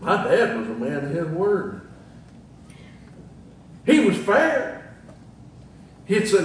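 A man's voice: high voice, wildly swooping pitch, slow pace, long pauses, very echoey, far from the mic, slight background noise, rough recording. An older man preaching a sermon in a folksy way, chuckling at his own jokes between scripture quotes.

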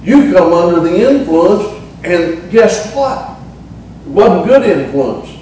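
A man's voice: high-pitched, sing-song, slow pace, darkish tone, a little hiss or hum. A middle-aged man with a Southern Appalachian accent preaching a sermon as pastor, folksy and humorous, drawing out words for emphasis. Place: church sanctuary. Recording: echoey church, mic at a distance.

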